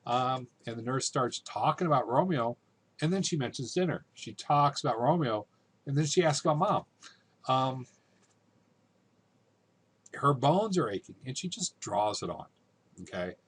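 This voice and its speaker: Husky-voiced man explaining a play. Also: mid-range voice, lively intonation, moderate pace, pauses often, a bit bright. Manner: conversational, asks listeners "right?" often. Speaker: teacher. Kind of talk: casual literature lesson commentary.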